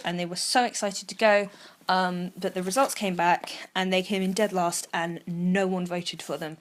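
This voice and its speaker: Chatty young woman podcast host. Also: lowish voice. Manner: chatty, many fillers, acts out quotes. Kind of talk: casual chat.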